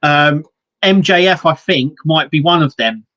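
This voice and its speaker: A man's voice: on the high side, measured pace, pushed and bright, lo-fi sound. A man co-hosting a casual wrestling podcast, rambling with lots of restarts and quoted asides. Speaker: podcast co-host.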